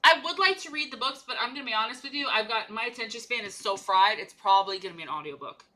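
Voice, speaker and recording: A woman's voice: on the high side, animated, fast, bright, forceful tone. A young woman chatting casually and playfully while she paints miniatures on a livestream, rambling from one joke to the next.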